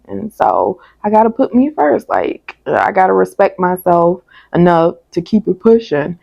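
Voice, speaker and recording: A woman's voice: medium pitch, lively intonation, moderate pace, gravelly, few pauses, a little mellow, no room sound. A woman reviewing a TV episode in casual, candid commentary, chatty and prone to tangents, on a dull lo-fi recording. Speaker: TV show reviewer.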